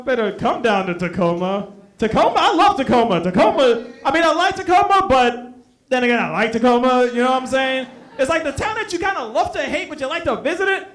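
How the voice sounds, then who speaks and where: High-voiced profane stand-up comic. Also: male voice, roomy sound. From Brooklyn. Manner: animated, profane storytelling with bursts of laughter. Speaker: stand-up comic and show host. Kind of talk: stand-up comedy set. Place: comedy venue with a live audience.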